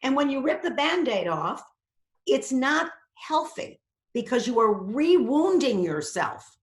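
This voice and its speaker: Brief: woman acting coach, lively lecture voice, roomy echo. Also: high-pitched, unhurried. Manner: animated, acts out quoted inner voices. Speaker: acting teacher. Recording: echoey room.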